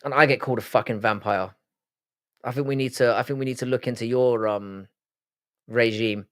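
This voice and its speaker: A young Irish man with a Cork accent hosts a live stream and chats loosely with viewers. He talks bluntly and swears freely, stopping and restarting his sentences, at an ordinary mid pitch. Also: fairly even intonation, moderate pace, fairly bright tone. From Ireland. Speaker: livestream host. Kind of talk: casual live-stream chat reading viewer comments.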